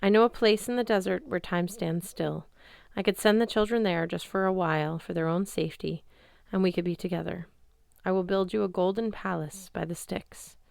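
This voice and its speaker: A woman's voice: fairly low pitch, steady tone, moderate pace, gravelly, darkish tone, dry recording. A woman voicing an agitated male god of the dead who pleads urgently. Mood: resigned.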